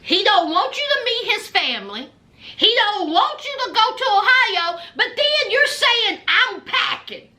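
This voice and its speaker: A woman's voice: very high-pitched, big pitch swings, measured pace, pushed and bright. A woman, recapping a reality show in a blunt, sassy way to her viewers. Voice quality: thick accent. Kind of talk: casual recap vlog.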